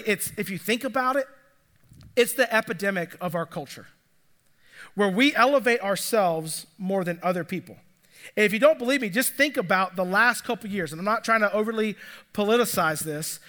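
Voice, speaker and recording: A high-voiced pastor preaches to his church. His tone is bright and forward. He keeps it conversational and confessional and asks the congregation questions. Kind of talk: sermon. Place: church sanctuary.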